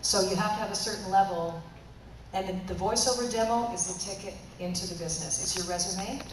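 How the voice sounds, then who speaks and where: A woman voice actor and director answering questions at a convention panel in an animated, playful way. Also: mid-range voice, a little fast. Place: large convention hall. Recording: echoey hall from far off, noisy.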